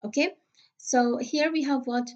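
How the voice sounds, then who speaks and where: Woman, pronunciation teacher, fairly high voice, patient, repeats words slowly. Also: fairly even intonation, muffled recording. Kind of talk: recorded phonetics lecture.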